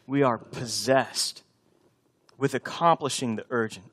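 A man's voice: medium pitch, measured pace, fairly bright tone. A male pastor in his thirties preaching a sermon, conversational and often building to emphatic repetition.

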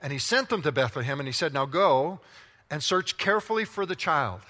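A male pastor preaches in a large church hall, his voice bright and a little high, and it rings with a long reverb. He is playful and animated, and he keeps talking straight to the people in front of him. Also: brisk. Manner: animated, playful, talks directly to the congregation. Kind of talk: sermon.

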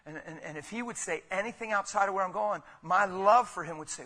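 A man preaching a sermon in a conversational, rhetorical way, with sudden loud bursts. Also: fairly high pitch, fast, hardly any pauses. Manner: conversational, calls listeners "man" and "guys". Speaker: pastor.

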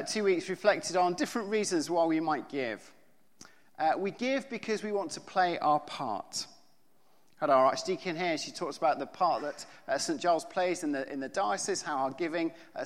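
A vicar preaches in a casual, chatty way, with plenty of ums and uhs between his points. His voice sits a little high for a man and carries a long reverb from the church around him. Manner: chatty, informal preaching with many fillers. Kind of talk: sermon.

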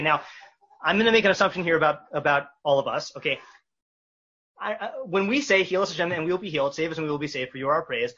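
A man teaches a casual text study class, his voice husky yet bright and a little high. He reads Hebrew verses slowly, then translates them with restarts and fillers. The recording is dull and lo-fi. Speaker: Torah teacher.

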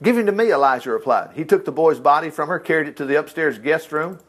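A man preaching a folksy sermon, reading scripture aloud and breaking off into lively asides and laughter. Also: on the high side, quick pace. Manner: folksy, animated, reads scripture then riffs with asides and laughs.

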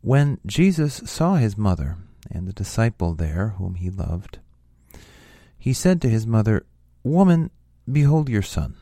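A man reading a Gospel passage aloud in a measured, steady way. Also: fairly low pitch, no echo, studio quality. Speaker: scripture reader.

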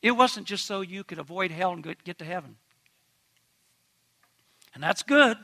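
A man's voice: high voice, lively intonation, normal speed, creaky, sharp tone. A man pastor preaching a sermon in an earnest, emphatic way, asking the congregation direct questions.

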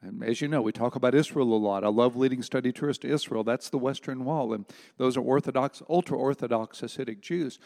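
A man's voice: medium pitch, fairly quick, vocal fry, hardly any pauses, dark tone. Emphatic preacher man in a reverberant hall. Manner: emphatic, conversational preaching with rhetorical asides. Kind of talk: sermon.

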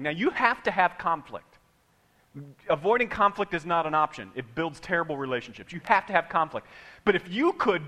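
A middle-aged man preaching a sermon, telling stories in an animated way and acting out quotes. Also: high voice.

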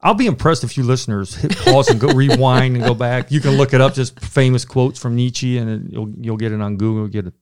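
A man's voice: mid-range voice, brisk, few pauses, dry recording. Older man in a dry, close podcast recording. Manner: conversational, rising and intense when reading aloud. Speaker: podcast co-host. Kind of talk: casual chat and reading aloud.

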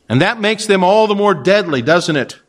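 Conversational male preacher, fairly high voice. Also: expressive, normal speed. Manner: conversational, with rhetorical questions to the listeners. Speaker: pastor. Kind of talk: expository sermon.

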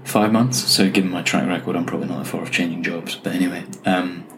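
A young man with a deep voice and a gravelly, creaky edge talks through a solo podcast episode. He tells his stories casually, with a dry, self-mocking humor. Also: steady tone, fast talker, background noise. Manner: wry, self-deprecating storyteller. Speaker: podcast host.

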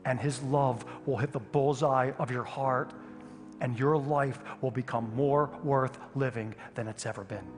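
Male pastor, lively comic storytelling sermon, reverberant hall, faint music behind. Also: mid-range voice, unhurried. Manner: animated, humorous storytelling with sudden loud outbursts.

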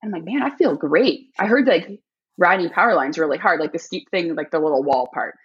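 A woman chatting casually as a podcast guest, telling a story with lively energy and acting out other people's voices. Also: lowish voice, fast, breathy edge, muffled recording. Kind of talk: casual chat.

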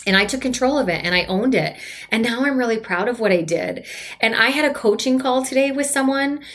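A woman's voice: a little high, animated, fairly quick, a bit bright. A woman in her forties, a coach hosting her own podcast, talking to listeners in an upbeat, enthusiastic, chatty way. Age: 40s. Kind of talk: solo motivational podcast talk.

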